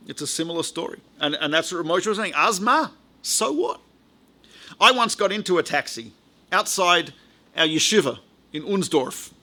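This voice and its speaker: A man's voice: a little high, bright, forceful tone. A male rabbi giving a lecture, telling anecdotes in a chatty way with frequent asides to the audience. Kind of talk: storytelling lecture.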